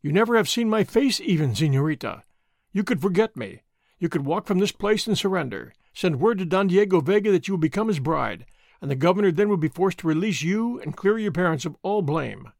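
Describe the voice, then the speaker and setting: A daring masked outlaw from an old adventure story, defiant and full of taunts, as a man reads him aloud. The voice sits high and moves lively across its range. It is recorded close and dry. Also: fairly quick, vocal fry, dry recording. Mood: earnest. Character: dashing masked outlaw hero, bold and mocking.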